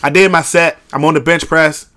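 A man co-hosting a podcast in casual chat, an animated storyteller who acts out the people in his stories. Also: fairly high pitch, a little fast. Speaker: podcast co-host.

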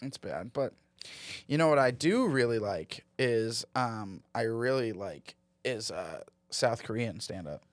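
A man's voice: mid-range voice, expressive, measured pace, no room sound. A man in casual podcast banter, joking sarcastically and laughing often.

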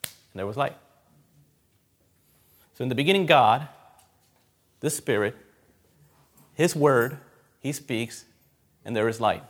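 A man preaching a sermon, emphatic, often repeating key phrases and swinging between loud and quiet. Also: medium pitch, expressive, slow, pauses often.

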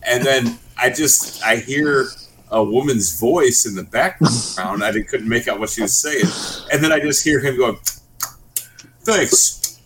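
A man telling a story casually on a group call, animated, swearing and acting out quotes. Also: medium pitch, moderate pace, slight background noise, low-quality recording.

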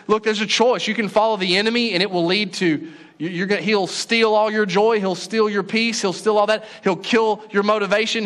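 Brief: middle-aged male lead pastor, slightly raised pitch, earnest sermon delivery that swells to fervor and sinks to hushed tones. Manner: earnest, rising in fervor on exhortations, dropping soft and low on sorrowful lines.

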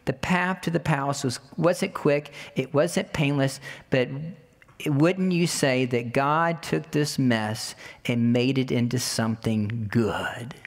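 A woman's voice: a bass voice, slow. A woman preaching a sermon in a conversational way, repeating words for emphasis and asking the listeners rhetorical questions. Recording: long hall reverb.

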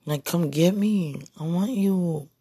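A woman speaking an intimate spoken monologue, breathy and husky, often dropping into whispers and sighing exclamations. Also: fairly low pitch, slow, dark tone, no echo. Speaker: podcast speaker.

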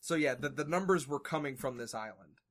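A man's voice: medium pitch, animated, brisk. A young man in casual chat about a TV show, teasing and jumping in to correct details. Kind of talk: casual chat recapping a TV episode.

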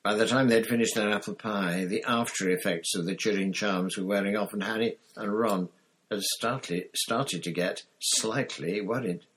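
A low-voiced man narrating a storybook in a plain, unhurried reading. He carries on steadily through the odd slip. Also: a bit bright, husky. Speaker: reader.

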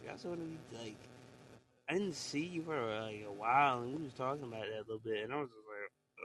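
A man's voice: medium pitch, normal speed, pauses often, a bit bright, low-quality recording. A young man hosting a live audio chat in a casual, rambling, slangy way, repeating himself often. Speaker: podcast host on live audio stage.

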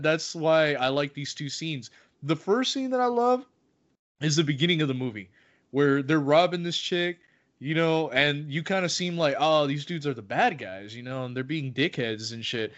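A New man with a high-pitched voice chats animatedly, swearing freely as he acts out scenes. The audio is a little muffled, like a lo-fi recording. His bursts swing up and down as he retells moments. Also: lively intonation, moderate pace, fairly bright tone. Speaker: podcast co-host. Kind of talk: casual film-discussion chat.

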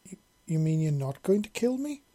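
Man doing a timid young feline girl, pitched high. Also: big pitch swings, moderate pace, mellow. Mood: fearful. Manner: timid, blunt. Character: young black-furred feline girl, timid then frank.

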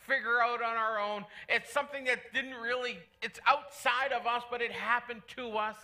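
A middle-aged man preaches in a church, his voice pitched high and ringing bright. He talks to the congregation in an earnest, conversational way and repeats key lines for weight. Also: fairly even intonation, moderate pace. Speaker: pastor. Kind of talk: sermon.

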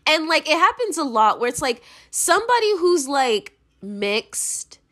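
A young American woman talks through her opinions in a loose, rambling monologue. Her voice sits high and swings widely up and down. She is blunt, swears freely and fills her sentences with "like". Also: big pitch swings, measured pace, sharp tone. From United States. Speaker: commentator.

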